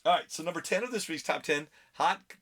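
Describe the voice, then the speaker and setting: A man's voice: fairly high pitch, expressive, quick pace, fairly bright tone. A middle-aged man hosting a casual comic book vlog, rambling and easily sidetracked, laughing at himself and recording on his phone. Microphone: phone camera.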